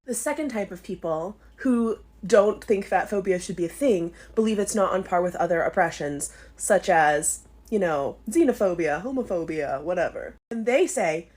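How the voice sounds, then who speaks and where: A woman's voice: lowish voice, expressive, moderate pace, hardly any pauses, a little mellow. A woman giving sarcastic, mocking commentary to the camera, swearing as she goes.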